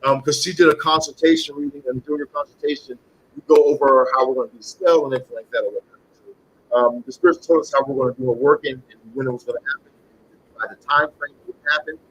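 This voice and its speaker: A man making a loose, rambling pitch straight to his viewers. His voice sits fairly high and swings widely up and down. He circles back to the same points and tags "okay?" onto his sentences. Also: animated, fast, creaky, a bit bright, husky, poor audio. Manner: rambling and repetitive, keeps checking in with "okay?". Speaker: self-styled shaman and spiritual reader. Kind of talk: casual direct-to-camera pitch.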